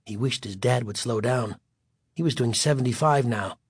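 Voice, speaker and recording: A man narrating a chapter of a story in an even storytelling voice. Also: medium pitch, moderate pace, husky, dry recording. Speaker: audiobook narrator. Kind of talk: scripted narration.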